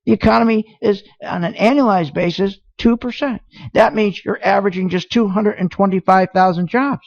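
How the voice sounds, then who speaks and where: Heard through dull, lo-fi radio audio, a man hosting a talk show vents indignantly about markets and leans on rhetorical questions. His voice is high with vocal fry, he talks at a normal speed, and there's no room sound.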